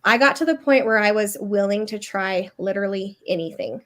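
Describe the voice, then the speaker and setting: A woman's voice: mid-range voice, fairly quick, fairly bright tone. A woman in her thirties, a guest on a video call, telling a personal story in a chatty, loose way with many fillers and restarts.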